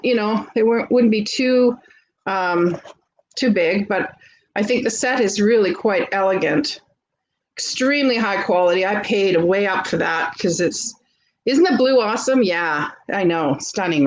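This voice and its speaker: A woman with a Canadian accent, hosting a live vintage sale and chatting warmly with viewers as she shows jewelry. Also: medium pitch, rough recording. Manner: chatty and gushing, greets viewers by name. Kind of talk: casual live-stream selling.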